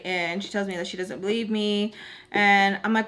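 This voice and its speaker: A woman in her twenties telling a personal story to her viewers, animated and frank with casual slang. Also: medium pitch, brisk. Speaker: storytime vlogger.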